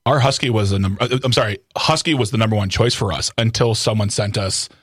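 A man's voice: lowish voice, fast talker, a bit bright, husky, no echo, clean studio sound. A man co-hosting a morning radio show, telling playful stories about his dog. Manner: chatty, playful storytelling. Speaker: radio co-host.

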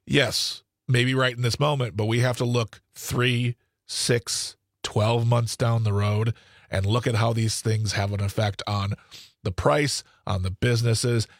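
A man's voice: medium pitch, no echo, clean studio sound. A man co-hosting a talk show, setting up a question for the guest at length in a friendly way.

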